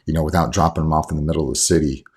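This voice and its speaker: Casting: man, 40s, deep gravelly voice, earnest heartfelt coach-dad in a relaxed interview. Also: racing. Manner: earnest, heartfelt, rambling with restarts. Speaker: coach and father, podcast guest. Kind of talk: casual interview conversation.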